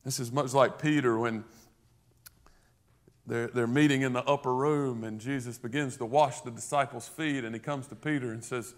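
A man's voice: mid-range voice, fairly even intonation, moderate pace. A man preaching a sermon, emphatic and rising in volume on key points, with conversational asides to the listeners. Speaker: pastor.

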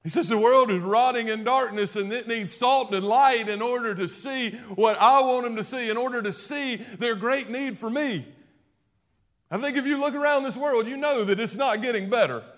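A male pastor preaching a sermon, swinging from loud emphatic declarations to hushed, low passages. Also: moderate pace.

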